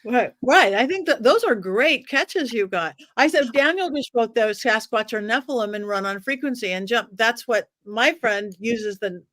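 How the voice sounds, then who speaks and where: Woman guest chatting on a podcast, kinda high voice, rambles on excitedly. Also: no room sound. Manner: enthusiastic, rambling, lists ideas quickly. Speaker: psychic guest. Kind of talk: casual podcast interview.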